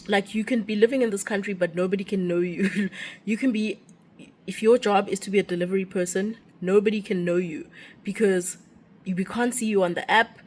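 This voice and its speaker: A young woman with a South African accent, a teacher abroad, chatting and ranting casually while walking outdoors with a phone. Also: mid-range voice. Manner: chatty ranting, animated and expressive. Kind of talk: casual walking vlog chat.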